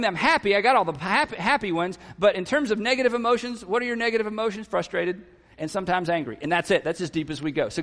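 High-voiced male pastor preaching in a hall. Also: fairly bright tone. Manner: conversational, acts out quoted voices. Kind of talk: sermon.

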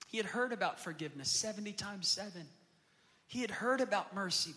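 A man with a high, bright voice preaches in a large hall, and his words ring out with a long reverb. He moves from quiet, conversational storytelling to loud, impassioned peaks. He is a pastor in his thirties, speaking to a congregation in a church sanctuary. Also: expressive, a little fast. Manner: acts out quoted voices of his kids in storytelling. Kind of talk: sermon.

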